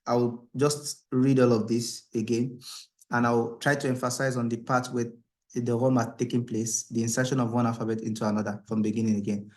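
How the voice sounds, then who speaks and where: A man teaching Quran recitation rules, explaining in a questioning style and breaking into a higher, louder chant for the verses. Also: little pitch movement, brisk. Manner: asks the class rhetorical "what?" questions. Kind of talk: tajweed lesson, explaining and reciting.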